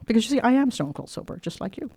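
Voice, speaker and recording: A woman addresses a workshop audience in a fairly high voice. She tells her own story plainly and bluntly, laughing often along the way. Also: big pitch swings, rapid-fire, creaky, dark tone, slightly rough. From Ireland. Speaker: recovery meeting speaker. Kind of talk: personal recovery talk to an audience. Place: workshop meeting room.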